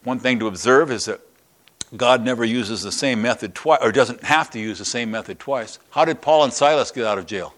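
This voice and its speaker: Speaking fairly quickly in a mid-range voice, an older pastor recounts a Bible story and a personal anecdote in his sermon. He brings both to life, performing the quoted voices with chuckles.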